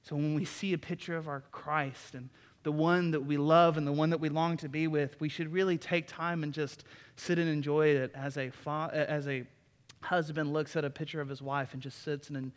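Young pastor in an echoing hall. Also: male voice, a little high, flat delivery, moderate pace, clean tone. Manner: earnest and conversational, with many restarts. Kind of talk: sermon. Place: church sanctuary.

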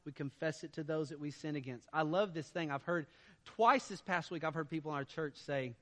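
A man delivers a sermon in a high, ringing voice. He moves from quiet, conversational asides to loud, emphatic declarations, preaching with conviction. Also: brisk, big-room sound. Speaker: pastor.

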